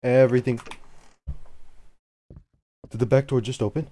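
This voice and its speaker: A man's voice: medium pitch, normal speed, darkish tone, no echo. Jittery young man playing a horror game. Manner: jittery, swears, yelps and talks to himself when scared. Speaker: gameplay youtuber. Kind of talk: horror game playthrough commentary.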